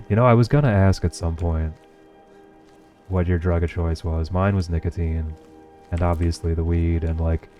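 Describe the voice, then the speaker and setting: A man's voice: low voice, dark tone. A man with a New Jersey accent, streaming a game and chatting casually with his viewers, swearing freely and often laughing. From United States. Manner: profane, laid-back, laughs often. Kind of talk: casual chat while gaming, reading chat.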